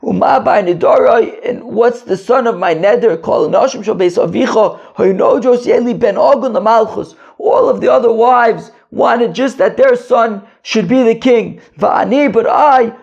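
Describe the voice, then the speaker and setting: A man with a hoarse, strained voice leads a relaxed Talmud study session. His voice sits high and crackles with grit. He reads the old text, then explains it line by line in plain talk, and the sound is muffled and lo-fi. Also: moderate pace, few pauses. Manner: reads Hebrew and Aramaic, then translates phrase by phrase in casual talk. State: hoarse, struggling voice. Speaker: Talmud teacher, podcast host. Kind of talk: casual Talmud study podcast. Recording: dull lo-fi recording.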